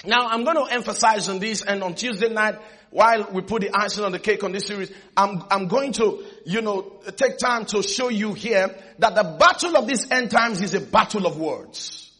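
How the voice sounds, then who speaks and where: High-voiced, husky preaching man. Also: moderate pace, pushed and bright. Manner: emphatic call-and-response preaching. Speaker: pastor. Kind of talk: sermon.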